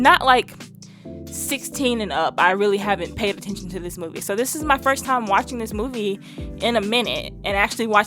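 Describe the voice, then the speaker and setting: A woman's voice: fairly high pitch, fairly bright tone. A young adult woman hosting a casual reaction vlog, chatty and slangy, rambling with lots of "like". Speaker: reaction channel host.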